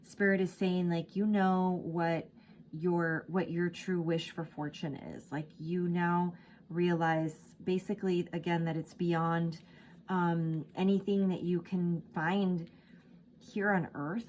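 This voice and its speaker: A woman speaks slowly in a slightly low voice, reading tarot cards in a casual, gushing way, her talk full of fillers. She sounds moved close to tears. Faint ambient noise sits behind her. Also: steady tone, darkish tone, dull audio. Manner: gushing, emotional, many fillers like "like" and "um". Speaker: tarot reader.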